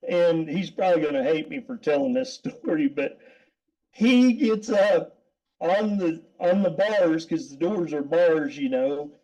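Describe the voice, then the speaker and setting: A man's voice: high voice, expressive, unhurried, warm tone, low-quality recording. A middle-aged man, a guest, telling a story casually, rambling with repeated words and frequent laughs.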